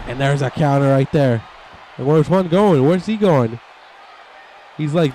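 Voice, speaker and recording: Male gameplay commentator, slightly high voice, excitable wrestling calls, faint background noise. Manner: excitable, often voicing wrestlers' thoughts in quick asides. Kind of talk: play-by-play wrestling game commentary.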